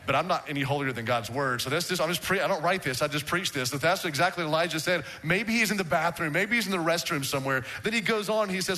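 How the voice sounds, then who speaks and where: Male pastor, sermon, bright and forceful tone, slightly high voice, repeats words as he restarts. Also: fast. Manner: animated preaching with repeated word restarts.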